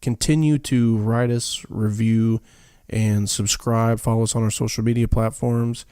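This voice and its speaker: A man co-hosting a podcast, signing off with an earnest, steady thank-you to first responders. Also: medium pitch, a little slow, smooth, no echo, clean studio sound. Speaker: podcast co-host. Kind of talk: casual chat and sign-off.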